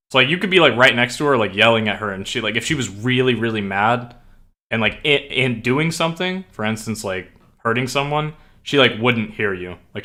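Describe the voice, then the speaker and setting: Young man, streamer, casual rambling chat, lots of fillers, bright edgy tone, lowish voice.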